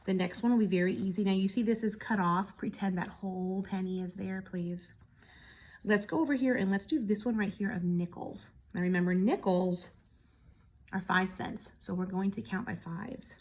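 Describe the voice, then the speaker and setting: A woman teacher walking young children through a worksheet step by step, gentle, patient and encouraging. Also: medium pitch, fairly even intonation, moderate pace.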